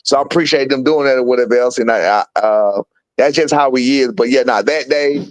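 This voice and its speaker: A man's voice: fairly quick, no echo, rough recording. A middle-aged man casually telling stories in slang, acting out the voices of the people in them. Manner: animated, acts out quotes with big pitch jumps; street slang, repeats "you feel what I'm saying". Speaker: guest storyteller, boxing father. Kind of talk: casual storytelling chat.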